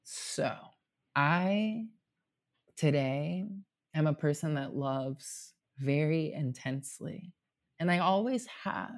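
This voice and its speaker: A man's voice: a little high, lively intonation, slow. A man in his thirties talking candidly and at length as a guest, rambling with lots of "like" and casual swearing, recorded at home. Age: 30s. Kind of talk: casual heartfelt conversation. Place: home apartment.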